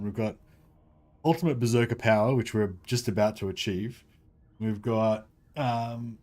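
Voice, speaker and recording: A man with an Australian accent chatting casually while streaming a game, speaking quietly and mumbling, tired and sore, into a desk microphone set behind his keyboard. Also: fairly low pitch. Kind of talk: casual livestream chat. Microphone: desk-stand microphone behind keyboard.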